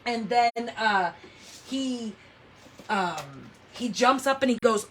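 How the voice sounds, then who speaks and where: A woman hosting a live card-making session from her craft table at home, chatting in an animated way and often saying "like" and "oh my gosh". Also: fairly high pitch, slow pace, a little hiss or hum. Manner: chatty, animated storyteller, says "oh my gosh" and "like" a lot. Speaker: papercraft livestream host. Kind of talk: casual chat while demonstrating card making.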